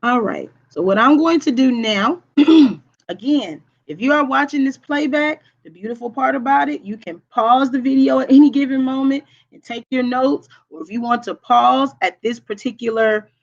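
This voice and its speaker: A woman's voice: sits high, lo-fi sound. Woman teacher with a projecting voice. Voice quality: voice projects strongly. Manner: deliberate, repeats "okay?" to check understanding. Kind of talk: recorded online lesson with screen share.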